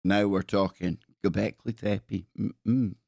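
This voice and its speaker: A man hosts a casual live stream, rambling and cracking jokes while he reads out captions. His voice sits fairly low, and it sounds dry and close, with little room around it. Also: steady tone, slow, creaky, darkish tone, dry recording. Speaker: live-stream show host.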